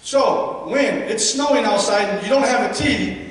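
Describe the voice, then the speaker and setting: A man with a very high voice speaks to young ballplayers and their parents, and he keeps pulling the room in with questions. He sounds distant from the mic, and a long, booming echo follows each phrase. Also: a little slow. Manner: energetic, asks the audience questions. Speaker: guest speaker at a youth baseball seminar. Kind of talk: motivational talk to players and parents. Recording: echoey hall, mic far off.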